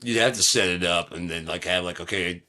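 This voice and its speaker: A man's voice: sits low, a little fast, sharp tone. A man from Michigan talking in a loose, profane, rambling monologue, often breaking into laughter. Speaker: vlogger.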